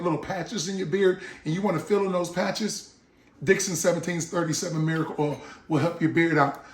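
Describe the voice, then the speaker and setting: High-voiced chatty man, echoey room. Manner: chatty, jokey, acts out little scenes. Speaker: vlogger selling his own beard oil. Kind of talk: casual product talk to camera.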